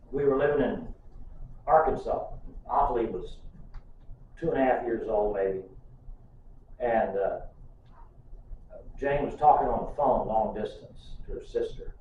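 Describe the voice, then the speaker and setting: Older pastor, man, homespun sermon with jokes; distant mic, heavy church echo, faint room hiss. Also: mid-range voice. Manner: folksy storytelling with humor. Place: church sanctuary. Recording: distant, echoey, muffled church recording.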